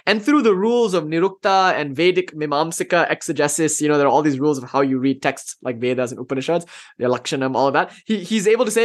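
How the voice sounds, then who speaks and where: Animated, slangy male lecturer. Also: on the high side, fast talker. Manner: casual and slangy, with bursts of swearing and laughter; animated retelling of a legend. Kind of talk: storytelling lecture.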